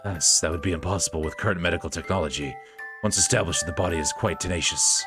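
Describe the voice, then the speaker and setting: A man's voice: low voice, music in the background, voice pushed down. A man voicing a coldly formal doctor. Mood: detached. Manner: measured, formal and detached. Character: cold, calculating male physician, coolly formal.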